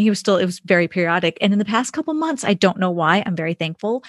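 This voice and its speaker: A woman's voice: medium pitch, no echo. A woman with a mid-range voice tells a personal story in a chatty, self-deprecating way and laughs easily. The sound is dry and close.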